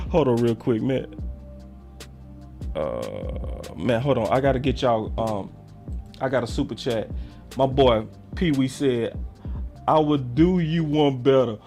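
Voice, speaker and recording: Slow-talking animated male sports host. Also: mid-range voice, faint music behind. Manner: animated and theatrical, swings from loud hype to muttering asides. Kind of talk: livestream sports talk.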